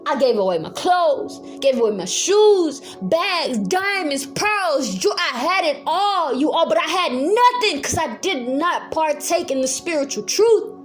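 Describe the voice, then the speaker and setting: High-pitched, fiery woman preacher. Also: measured pace, few pauses, soft background music. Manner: zealous, swings from calm to yelling. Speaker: Bible teacher. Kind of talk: fiery sermon. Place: at home.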